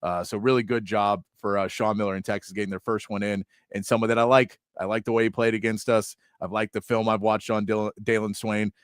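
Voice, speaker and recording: A man's voice: on the low side, level tone, fairly quick, few pauses, clean tone, no echo, clean studio sound. A man hosting a sports talk show, chatting casually with many asides and frequent laughs.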